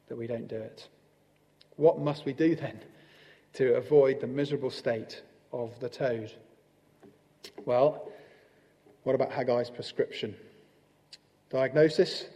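A man preaching a sermon in a gentle, conversational manner with pauses. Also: medium pitch, big-room sound.

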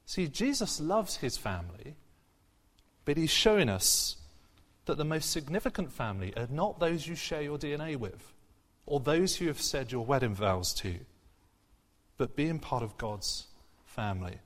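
Preacher in a reverberant hall. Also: male voice, on the high side, sing-song, moderate pace, a bit bright. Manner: earnest, conversational, with frequent fillers and restarts. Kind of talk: sermon.

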